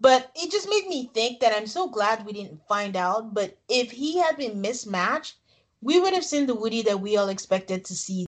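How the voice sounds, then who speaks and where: A woman's voice: a little high, animated, normal speed. A woman co-hosting a casual podcast, chatty and laughing often as she retells scenes. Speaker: podcast co-host recapping a reality show. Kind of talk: casual recap chat.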